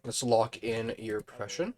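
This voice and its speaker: Male streamer with a hoarse, worn voice at mid pitch, casual, mutters through tasks. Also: moderate pace, darkish tone. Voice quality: thinks aloud, mutters to himself, chatty. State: hoarse, voice fading. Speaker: streamer playing a building game. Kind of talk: casual live-stream commentary.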